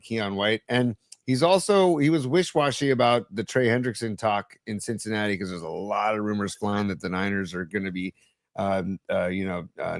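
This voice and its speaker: A man co-hosting a sports podcast, talking in a loose, halting way with many fillers. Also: fairly low pitch, no echo, studio quality. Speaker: podcast co-host. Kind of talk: casual sports chat.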